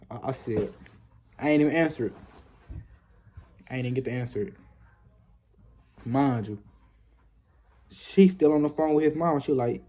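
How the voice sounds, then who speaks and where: Young man, husky and mellow, rambling profane storytime delivery. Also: mid-range voice, lively intonation, unhurried, long pauses. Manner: rambling, repetitive, profane slang. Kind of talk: casual storytime.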